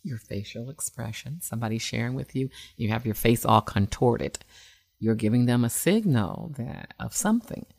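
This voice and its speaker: A woman's voice: very deep voice, lively intonation, normal speed, creaky, darkish tone. A woman hosting an internet radio show as a relationship expert, giving advice in a conversational, emphatic way with frequent fillers.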